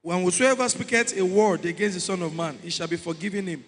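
A man reading scripture aloud in a steady, formal way during a sermon. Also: sits high, fast, soft background music. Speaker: scripture reader. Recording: echoey hall with long reverb.

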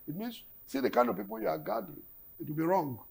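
A man's voice: high-pitched, expressive, fast, creaky, a little mellow, slightly rough, poor audio. A man, a pastor, answering viewer questions in a blunt, firm way, sometimes chuckling and searching for words. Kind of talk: unscripted Q&A on faith.

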